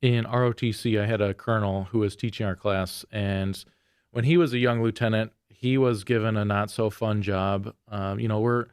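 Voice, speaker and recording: A man's voice: on the low side, fairly even intonation, normal speed, a little mellow, clean tone, dry recording, studio quality. A man hosting a podcast, chatting casually and reacting attentively to his guest. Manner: attentive, laughs along, brief reactions. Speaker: podcast host. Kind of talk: casual interview chat.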